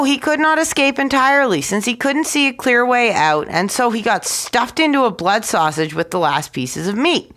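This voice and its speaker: Expressive woman reading a fairy tale. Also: mid-range voice. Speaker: storyteller.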